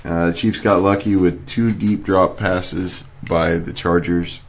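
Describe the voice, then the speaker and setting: A man's voice: deep voice, steady tone, unhurried, creaky, slight background noise. A man co-hosting a casual podcast, running through game stats in a matter-of-fact way. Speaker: podcast co-host. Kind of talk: casual fantasy football chat.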